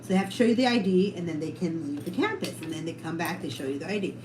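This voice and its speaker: A woman's voice: fairly low pitch, animated, quick pace. A woman telling stories in casual chat, acting out the voices of the people in them and swearing freely. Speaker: storyteller on a podcast. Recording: roomy room with background noise.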